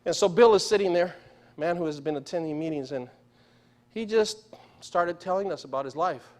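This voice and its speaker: This male preacher, a native Spanish speaker, delivers a sermon in a church sanctuary through storytelling and questions aimed at the congregation. He talks at normal speed in a slightly mellow voice on the high side.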